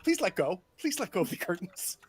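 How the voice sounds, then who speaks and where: A man's voice: sits high, very animated, a little fast, slight background noise, voice pushed up. A man voicing a nervous male footman who stammers and pleads. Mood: pleading.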